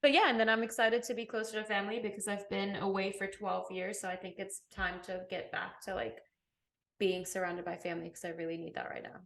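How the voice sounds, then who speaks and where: A woman's voice: medium pitch, flat delivery, fairly quick, vocal fry, a bit bright. A woman in her thirties who grew up in England and Botswana, speaking with an American accent touched by British, chatting animatedly as a podcast co-host. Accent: American, with some British. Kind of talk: casual interview chat.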